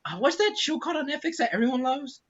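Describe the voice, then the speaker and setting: A podcast co-host chats quickly in a bright, animated voice whose pitch swings up and down. He laughs a lot, swears casually, and peppers his talk with "um" and "like," all on a muffled, dull, lo-fi recording.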